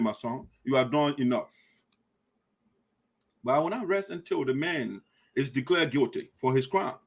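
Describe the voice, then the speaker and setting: Brief: male show host, high and very animated voice, fiery accusatory commentary. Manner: fiery and accusatory, repeating lines for emphasis, sometimes shouting. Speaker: host of a diaspora community show. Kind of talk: impassioned political commentary.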